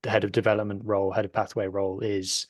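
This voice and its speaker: A man's voice: on the low side, flat delivery, fast talker, dry recording, clean studio sound. A man hosting a podcast, talking things through conversationally and step by step. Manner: conversational, explains reasoning step by step. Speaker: podcast host. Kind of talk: casual chat.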